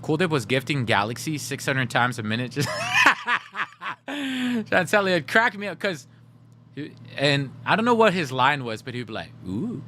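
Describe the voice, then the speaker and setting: A man's voice: fairly high pitch, lively intonation, a little slow, noisy background. A man livestreaming, chatting casually with his viewers, addressing the chat directly and laughing often.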